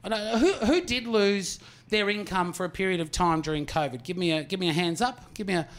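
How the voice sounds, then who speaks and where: An Australian man in his forties performs a stand-up routine with a noticeably high voice for a man. He tells a rambling story, swears freely and keeps turning to the crowd with quick asides. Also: fairly bright tone. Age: 40s. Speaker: stand-up comedian.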